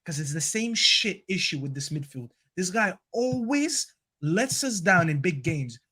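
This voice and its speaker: A man's voice: high voice, big pitch swings, a little slow, bright, forceful tone, slightly rough. A man whose first language is Arabic, ranting emphatically and swearing freely in a heated football debate on a podcast panel.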